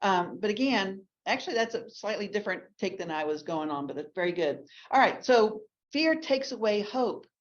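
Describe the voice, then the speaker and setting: A woman's voice: mid-range voice, lively intonation, moderate pace, few pauses. A woman from Texas, teaching a ladies' Bible class in a chatty way full of restarts and asides. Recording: dull lo-fi recording.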